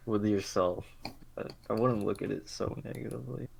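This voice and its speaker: A man's voice: on the low side, steady tone, normal speed, creaky, background noise. A man with a slight Canadian accent chatting casually and bluntly on a live stream. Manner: laid-back, blunt, jokey.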